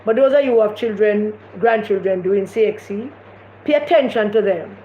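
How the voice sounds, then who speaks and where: A woman's voice: mid-range voice, moderate pace. A woman with a Jamaican accent giving impassioned political commentary on a live stream, repeating her points with emphasis. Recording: echoey room, dull lo-fi sound, faint noise.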